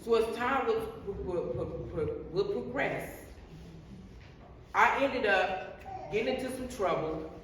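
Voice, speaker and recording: A woman's voice: mid-range voice, expressive, slow pace, long pauses. A middle-aged woman giving an earnest personal testimony, telling her story with repeated words and frequent restarts. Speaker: guest sharing life story. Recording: echoey hall, distant mic, faint noise.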